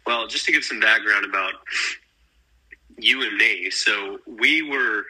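A young man from Texas hosts a podcast, rambling through recaps with lots of "um" and "like." His voice sits slightly low, very bright and a bit husky, like a radio-style podcast. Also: measured pace, poor audio. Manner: rambling, filler-heavy recaps. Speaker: podcast host. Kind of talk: casual chat.

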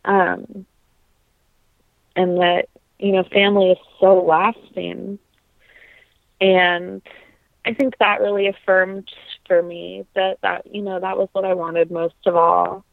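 A woman's voice: on the low side, level tone, slow, gravelly, pauses often, no room sound. Earnest woman on a tinny line. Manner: earnest, reflective, frequent ums. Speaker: podcast guest, opera singer. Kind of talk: conversational interview.

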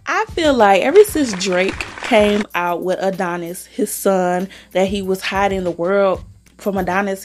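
Woman podcast host, sassy gossip chat, lively, faint music behind. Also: medium pitch. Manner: sassy and chatty, calls listeners honey and girl. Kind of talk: casual celebrity gossip chat.

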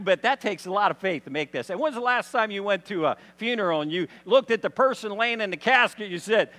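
A man's voice: high-pitched, animated, brisk, hardly any pauses, bright, forceful tone. A man preaching a sermon in a conversational storytelling style, full of rhetorical questions, in a church hall. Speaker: pastor. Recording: long hall reverb.

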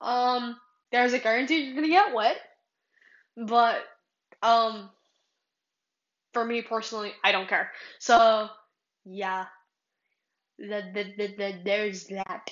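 A woman's voice: on the high side, fairly even intonation, takes it slowly, long pauses, fairly bright tone, reverberant, lo-fi sound. A woman from California hosting a casual solo podcast, rambling with many fillers and restarts. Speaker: podcast host.

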